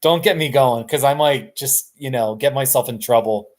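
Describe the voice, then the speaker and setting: A man's voice: medium pitch, normal speed. Middle-aged guy, tired live streamer chatting from his couch, self-mocking, rambling. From United States. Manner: rambling, self-deprecating, laughs often. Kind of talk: casual live stream chat. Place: home, sitting on a couch.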